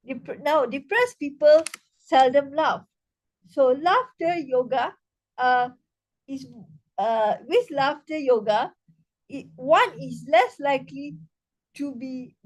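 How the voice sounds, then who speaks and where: A woman teaching a laughter yoga session over a video call, speaking haltingly with many restarts and leading rhythmic bursts of laughter. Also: high-pitched, darkish tone. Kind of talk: online interactive workshop talk.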